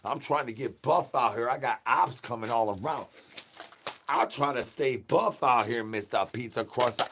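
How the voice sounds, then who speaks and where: A man's voice: mid-range voice, a bit bright. A man streaming, talking in crude rambling nonsense with slangy asks to chat and sing-song chanted catchphrases. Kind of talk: rambling comic livestream talk.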